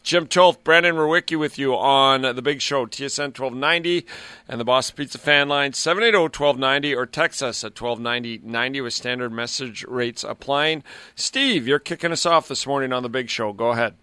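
A man hosting a sports talk radio show, reading promos and introducing callers in a brisk announcer delivery. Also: medium pitch, sharp tone, smooth, no room sound.

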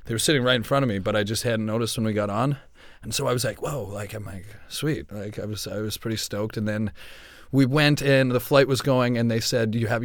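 A man's voice: medium pitch, dry recording, clean studio sound. A man being interviewed, speaking in a laid-back, easygoing way, often hesitating and restarting. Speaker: guest. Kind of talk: casual interview chat.

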